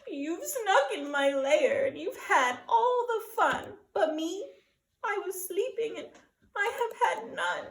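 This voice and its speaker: A woman's voice: very high-pitched, sing-song, slow, creaky, voice pushed up, full character voice. A woman voicing a big male bear who is tearful and sulky, from a storybook read aloud. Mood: weepy. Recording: echoey room.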